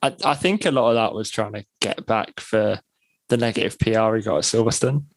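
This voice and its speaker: A man's voice: fairly low pitch, brisk, no room sound, rough recording. A man co-hosting a podcast in casual chat, talking things through in thoughtful, longer runs. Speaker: podcast co-host.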